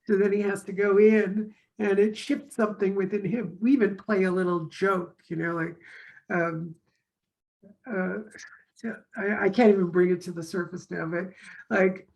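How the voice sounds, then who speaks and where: Chatty woman telling lively stories. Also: medium pitch, moderate pace, creaky, poor audio. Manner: animated storyteller, acts out quoted dialogue. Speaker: course teacher. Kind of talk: casual conversation.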